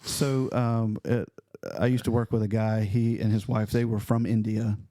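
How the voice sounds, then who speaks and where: A man's voice: on the low side, level tone, moderate pace, mellow, a little hiss or hum. A man co-hosting a faith podcast in casual chat, telling rambling stories and laughing as he goes. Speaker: podcast co-host.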